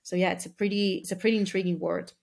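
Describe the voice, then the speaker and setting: A woman's voice: on the low side, steady tone, fast, gravelly, a little mellow. A woman speaking as a marketing guest on a podcast, talking in a chatty, filler-heavy casual way and laughing easily. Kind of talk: casual interview talk.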